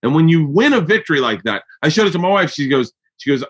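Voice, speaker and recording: Excitable rambling male podcast host. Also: mid-range voice, fast. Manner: rambling, excitable, swears freely. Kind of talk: casual chat.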